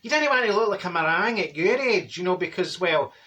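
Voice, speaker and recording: A man's voice: sits high, lively intonation, fairly quick, pushed and bright, dull audio. A man doing a blunt Glaswegian auntie. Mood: gossipy. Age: middle-aged. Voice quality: chatty, blunt, gossipy storytelling. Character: straight-talking middle-aged Glasgow woman, gossipy and blunt. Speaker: comedy character monologue. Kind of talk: comic monologue.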